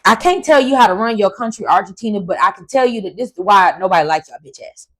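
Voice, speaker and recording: Woman host going off on a rant, loud, swearing a lot, mid-pitched voice. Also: quick pace, poor audio. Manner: emphatic, profane, animated. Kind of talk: casual commentary rant.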